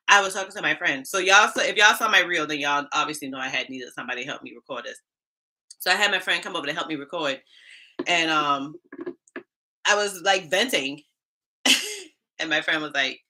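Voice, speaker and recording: A woman's voice: fairly low pitch, lively intonation, fairly quick, bright, forceful tone. A woman from Charleston with a Gullah Geechee accent, hosting a casual livestream and chatting straight to her viewers. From Charleston, South Carolina. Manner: chatty, talks straight to the chat. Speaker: HR livestream host.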